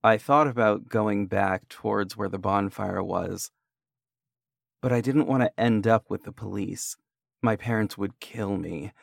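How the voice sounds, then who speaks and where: A man reading a first-person horror story aloud in a measured, unhurried way. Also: lowish voice, vocal fry, no room sound, clean studio sound.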